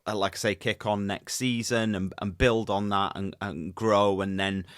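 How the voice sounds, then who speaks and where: A man co-hosting a casual football podcast, talking in halting runs, repeating words and filling pauses. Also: fairly low pitch, fairly even intonation, fairly bright tone, smooth, no room sound, studio quality. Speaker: podcast co-host.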